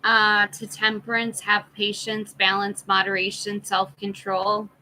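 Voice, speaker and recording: A woman hosting a live tarot reading, listing card meanings in an unhurried way and greeting viewers in the chat. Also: mid-range voice, completely flat delivery, bright, forceful tone, slight background noise, low-quality recording.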